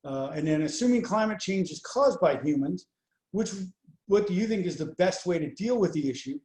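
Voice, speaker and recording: A man presenting poll results over slides in a measured way, with many fillers between the figures. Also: sits high, animated, darkish tone, roomy sound, a little hiss or hum. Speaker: pollster presenting survey results.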